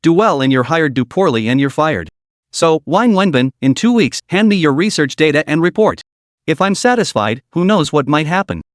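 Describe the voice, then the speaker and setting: A man's voice: on the high side, sing-song, moderate pace, no echo, clean studio sound. A man voicing a cold, stern young woman executive with a curt, commanding manner, read in a recap.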